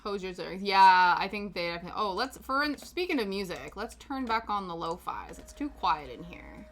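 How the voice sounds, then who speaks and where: Bright-voiced woman streamer chatting. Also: mid-range voice, lively intonation, fairly quick, soft background music. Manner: chatty and rambling, answering chat with frequent laughs. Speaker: live-stream host. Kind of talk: casual chat while knitting on stream.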